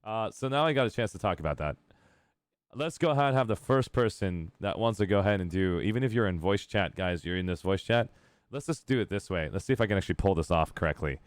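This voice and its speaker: Man, streamer, deep low voice, rambling casual chat, jokey. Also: lively intonation, quick pace, no room sound, studio quality. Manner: rambling, joking, chatty. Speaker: streamer host.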